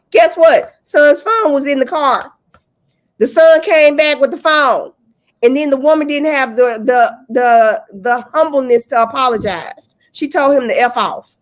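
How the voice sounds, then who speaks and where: A woman's voice: on the high side, normal speed. A woman from Memphis with a Southern accent, co-hosting a podcast, telling stories and ranting in casual chat. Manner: animated storytelling, ranting. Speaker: podcast co-host.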